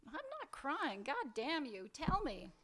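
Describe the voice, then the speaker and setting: A biting, sarcastic wife with a high, sharp voice, as a male author reads her lines. She presses hard and mocks, cutting through every dodge in this dialogue from a literary reading. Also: wildly swooping pitch, slow, heavily acted. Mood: demanding. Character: sharp-tongued woman, wife, bitter and sarcastic. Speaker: fiction author reading aloud.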